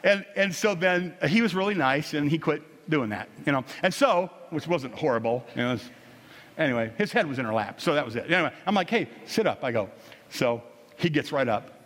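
A man's voice: a little high, expressive, a little fast, a bit bright, long reverb tail. A middle-aged man preaching a sermon as pastor, talking in a casual, folksy way with stories and frequent restarts. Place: church sanctuary.

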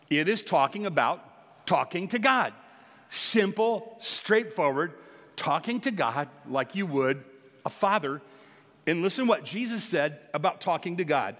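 An older male pastor delivers a sermon in an earnest, exhorting way. His voice sits somewhat high for a man and climbs on the points he stresses. A long reverb trails each phrase. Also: a bit bright. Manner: earnest, exhorting, rises in pitch on key points.

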